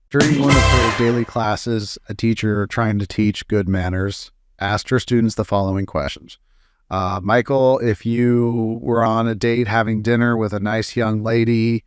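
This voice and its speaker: A man's voice: fairly low pitch, no echo, clean studio sound. A man reading a string of jokes aloud in a plain storytelling way, with frequent "uh" fillers. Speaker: joke reader.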